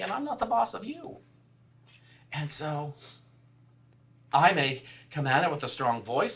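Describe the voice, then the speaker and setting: A man's voice: mid-range voice, far from the mic. A man preaching a conversational sermon from the pulpit, telling stories and laughing often as he speaks. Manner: animated storytelling, laughs often. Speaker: minister. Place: church sanctuary.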